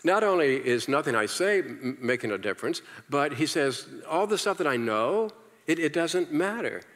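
A man's voice: fairly high pitch, moderate pace. Male pastor giving a sermon, gets the crowd to repeat after him, lots of restarts, big echo from the church hall. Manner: animated, engages the congregation with call-and-response; repeats words and restarts often. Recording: long hall reverb.

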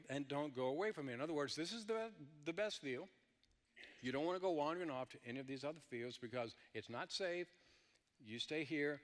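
Joking pastor in a reverberant hall. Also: male voice, mid-range voice. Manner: joking asides to the congregation. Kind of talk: sermon.

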